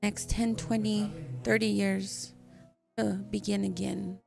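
A woman interpreting a sermon into English live, speaking in short measured phrases with a gravelly voice. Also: medium pitch, flat delivery, warm tone, soft background music.

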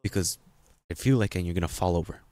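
Guy pastor preaching, lowish voice, keeps repeating himself and punching up the big lines. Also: quick pace. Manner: emphatic, repetitive, swings into loud peaks. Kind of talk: sermon.

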